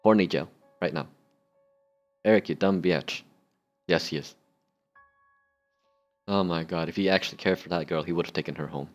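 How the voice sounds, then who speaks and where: A man with a deep voice gives excitable, joking commentary while he plays a game. He laughs often and gets loud in his outbursts. Faint music plays behind him. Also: normal speed, long pauses. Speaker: gaming YouTuber. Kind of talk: let's play commentary.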